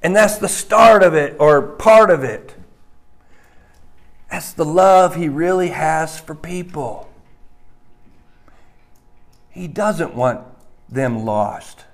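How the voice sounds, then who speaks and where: Man, pastor, sermon, slow deliberate delivery, slightly high voice, emphatic hushed-to-loud swings. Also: lively intonation. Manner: emphatic, swings between loud stresses and hushed low lines.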